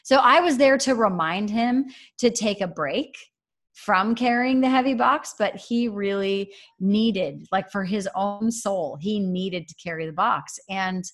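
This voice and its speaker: A woman in her thirties in a casual faith chat, telling a story in a chatty, animated way with lots of fillers. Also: mid-range voice, a little slow.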